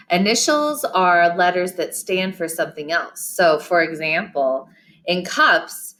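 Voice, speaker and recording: A woman's voice: on the low side, a bit bright. A woman teacher recording a lesson for young students, patient and encouraging, who reads her examples aloud with expression.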